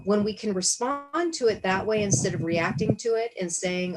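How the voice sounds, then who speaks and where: A woman leads a Bible study over a video call, her mid-range voice at a moderate pace against some background noise. She teaches casually yet earnestly, reflecting as she goes and often asking herself questions aloud.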